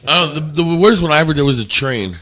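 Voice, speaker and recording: A man's voice: a little high, lively intonation, a little fast, fairly bright tone. A man in a casual podcast chat, blunt and profane, often stumbling and restarting his words. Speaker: podcast co-host.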